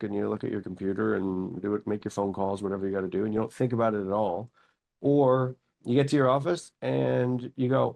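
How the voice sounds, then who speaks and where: Low gravelly-voiced man in his forties. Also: brisk. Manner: lively anecdotes, acts out his own thoughts in quotes. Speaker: company CEO, guest. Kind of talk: casual interview storytelling.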